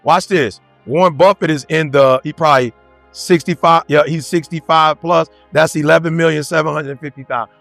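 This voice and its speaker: A man with a high, bright-edged voice delivers a motivational talk, recorded dry and close with faint music behind him. He speaks in casual street slang and fires rhetorical questions straight at the crowd. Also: fairly even intonation, normal speed, gravelly, no echo. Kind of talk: motivational talk to a live audience.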